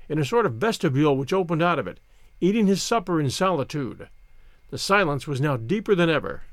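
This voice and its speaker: A man reading a classic story aloud as narrator, in an expressive, dramatic way. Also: on the high side, dry recording, clean studio sound.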